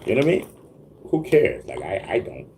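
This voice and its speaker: His voice is fairly low and darkish, swinging hugely in pitch at a fairly quick pace, with slight background noise. Answering his chat on a casual livestream, he stammers into restarts, laughs frequently and keeps checking in with "you know what I mean."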